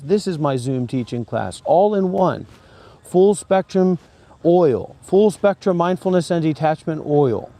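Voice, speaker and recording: A former Buddhist monk with a mellow voice that sits a little high talks to camera outdoors in a graveyard. He rambles and preaches, repeating phrases over and over.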